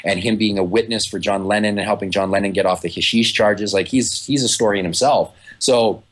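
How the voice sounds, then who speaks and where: A man in his thirties chatting as a podcast guest, an animated storyteller who swears freely and acts out the people he quotes. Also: lowish voice, fairly quick. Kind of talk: casual podcast chat.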